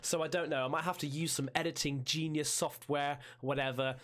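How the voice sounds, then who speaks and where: A man with a somewhat high voice, croaky and hoarse from a chest infection. He hosts a game livestream in a casual, rambling way, with loud hyped greetings. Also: fairly even intonation, fairly quick. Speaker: streamer.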